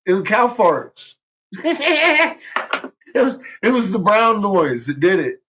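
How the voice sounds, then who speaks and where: A man's voice: high voice, very animated, slow pace, a bit bright, highs cut off, slight background noise. A man livestreaming to his chat in a profane, rambling rant, laughing often. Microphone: own microphone.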